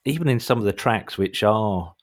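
Low-voiced rambling man in his forties. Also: lively intonation, normal speed. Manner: rambling, self-deprecating, breaks into mock voices. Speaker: podcast co-host. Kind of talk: casual chat. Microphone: headphones, home mic.

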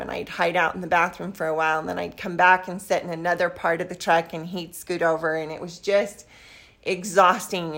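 An older woman with a fairly low voice tells stories from her youth in a relaxed family interview. She slips into the voices of the people she quotes, which keeps her telling lively. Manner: lively storyteller who acts out quoted dialogue. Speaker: grandmother being interviewed. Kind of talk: casual storytelling interview.

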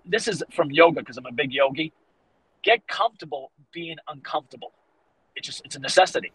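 A husky-voiced man in his fifties with a Boston accent, talking quickly and with energy. He tells stories on a podcast, slipping into the voices of the people he quotes, and drives home motivational points. His voice sits a little high for a man. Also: dry recording, low-quality recording. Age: 50s. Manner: animated storyteller, acts out quotes, motivational. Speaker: guest fitness coach. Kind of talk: casual podcast conversation.

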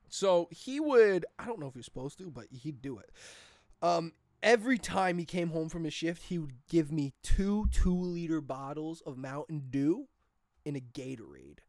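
Young American vlogger, rambling casual monologue, laughs a lot, medium pitch, dry sound. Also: expressive, measured pace, a little mellow, dry recording. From United States. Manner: rambling, laughs often, drifts off topic.

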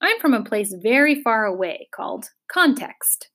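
A woman voicing a filthy, cackling male bird who interrupts and twists every word, in a shrill, shrieking audiobook character voice. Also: very animated, unhurried, fairly bright tone, full character voice. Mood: quibbling, gleeful. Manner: quibbling, punning, interrupting.

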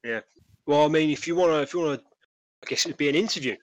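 A man's voice: a little high, fast talker, no room sound, pitched above the performer's own voice, lightly acted, poor audio. A man voicing a blunt, cocky older male market stall worker, in a tabletop game. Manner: blunt, cocky, says mate a lot.

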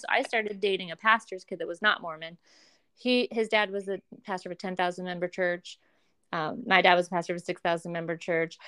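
A woman's voice: mid-range voice, clear, resonant tone. A woman telling a long personal story in casual conversation, acting out the voices of the people she quotes and laughing now and then. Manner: animated, acts out quoted voices, laughs often. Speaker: guest.

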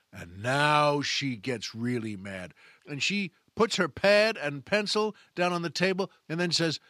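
Man, comedy host, folksy, repetitive, slightly high voice, dry close sound. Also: animated, measured pace, sharp tone, dry recording. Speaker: podcast host and stand-up comic. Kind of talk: comedic monologue.

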